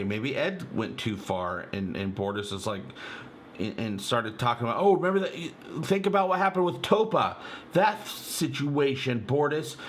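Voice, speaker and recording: A man hosting a casual fan video, talking excitedly and rambling with lots of fillers as he breaks down a trailer for viewers. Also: medium pitch, a little hiss or hum. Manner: excitable, rambling, many fillers, addresses viewers as "you guys". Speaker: channel host.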